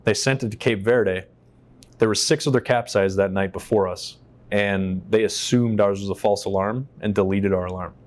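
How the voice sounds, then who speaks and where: A man from the United States, a veteran guest, telling his story in an interview in an animated, profane way and acting out what people said. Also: lowish voice, moderate pace. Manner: animated, profane, acts out quotes. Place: on a stage in a shop.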